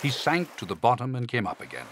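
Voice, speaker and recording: A man narrating a children's storybook in a slow, expressive read-aloud manner. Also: medium pitch, heavy background noise. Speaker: audiobook narrator.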